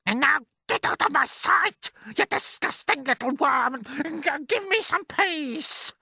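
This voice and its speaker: A man's voice: fairly high pitch, huge pitch swings, slow pace, creaky, sharp tone, no echo, clean studio sound, pitched above the performer's own voice, exaggerated voice. A man voicing a spiteful old aunt in a storybook reading, screeching and snapping. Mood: cruel. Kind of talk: storybook character voice.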